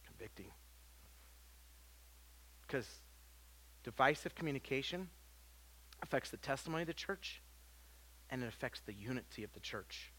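A man preaching a sermon, swinging from loud emphasis to quiet, low lines and often restarting his words. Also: lively intonation, brisk, long pauses. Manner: self-interrupting with repeated words. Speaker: pastor.

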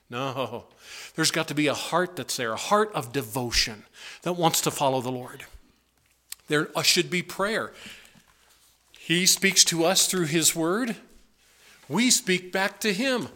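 Bright-voiced man preaching a sermon. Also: a little high, lively intonation, unhurried. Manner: earnest, pleading questions with emphatic swings. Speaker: pastor. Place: church sanctuary.

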